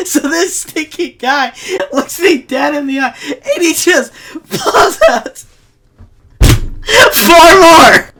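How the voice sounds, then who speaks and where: A man's voice: extremely high pitch, bright, forceful tone. A teenage boy telling a story casually in a rambling way, often breaking into laughter. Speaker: vlogger.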